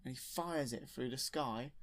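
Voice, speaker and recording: A man's voice: medium pitch, normal speed, fairly bright tone. A man casually retelling a film from memory, rambling and correcting himself as he goes. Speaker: storyteller.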